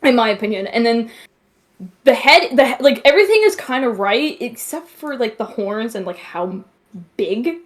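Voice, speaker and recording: Blunt, slightly high-voiced woman guest. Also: lively intonation, normal speed. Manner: blunt, swears casually. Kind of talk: casual chat.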